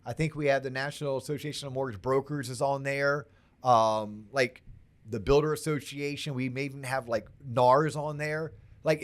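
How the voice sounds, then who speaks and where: A man hosting a podcast, chatting casually and plugging events in an upbeat way. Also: on the high side. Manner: chatty, upbeat promo delivery. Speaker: podcast host.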